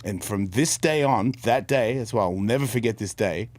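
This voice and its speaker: A fairly low, slightly mellow voice at a moderate pace belongs to a middle-aged podcast co-host, recorded with no room sound. He's candid and earnest telling a personal story, rambling casually and restarting or repeating words as he goes.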